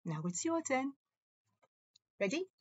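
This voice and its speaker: A woman leads young children through a phonics lesson, stretching out each letter sound before the whole word. Her voice swoops up and down in a lively, sing-song way at an unhurried pace. The recording is dry and a little dull in tone. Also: no room sound. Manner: slow, clear sounding-out with lively up-and-down pitch. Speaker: phonics teacher.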